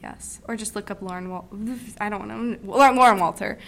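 A woman's voice: medium pitch, a little fast, gravelly, fairly bright tone. A college-age woman co-hosting a podcast in casual chat, joking and laughing often. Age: 20s. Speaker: podcast co-host.

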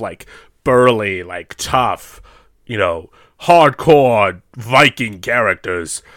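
A young man co-hosting a podcast, telling a story in a casual, animated way with plenty of laughs. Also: mid-range voice, dry recording, studio quality. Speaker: podcast co-host. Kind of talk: casual chat.

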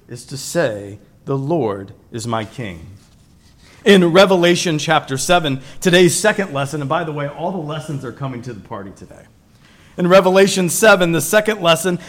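A high-pitched man preaching a relaxed, conversational sermon. He wanders into stories and asides, and he drops from ringing emphasis to near-whispers. He sounds middle-aged. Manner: digressive storyteller, swings from loud emphasis to quiet asides. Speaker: pastor.

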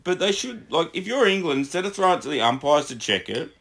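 A man's voice: a little high, very animated, quick pace, gravelly, a bit bright. A man in casual podcast chat, wry and jokey. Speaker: podcast co-host.

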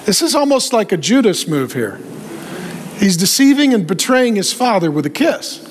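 A man preaching a sermon with animated delivery and joking asides. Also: sits high, moderate pace, a little hiss or hum. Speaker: pastor.

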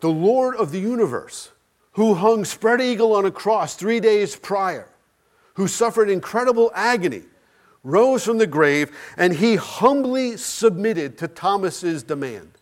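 A man preaching a sermon, building with repeated phrases, rhetorical questions and dramatic pauses. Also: sits high, animated.

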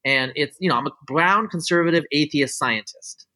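In a casual interview, a male guest scientist talks at a moderate pace in a fairly high, pushed and bright voice. He is opinionated and rambling, explaining his views at length with plenty of "like" and "you know" fillers.

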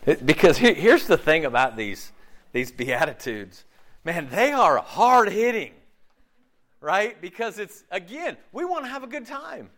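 A male preacher with a fairly high voice that leaps up and drops low as he drives home each point. His delivery is conversational and animated, full of rhetorical questions and little acted-out voices. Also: unhurried. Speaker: pastor. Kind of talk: sermon.

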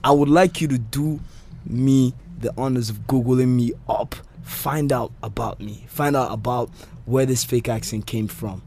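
Male radio presenter guest, polished radio accent, animated and defensive, mid-pitched, repeats himself to push a point. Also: measured pace, a little hiss or hum. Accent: polished radio-style English accent. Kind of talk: casual argumentative chat.

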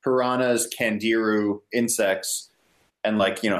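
A young man casually telling a story in an interview, rambling and relaxed, with many "like" fillers. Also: fairly low pitch, normal speed. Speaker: guest, ecotourism company owner.

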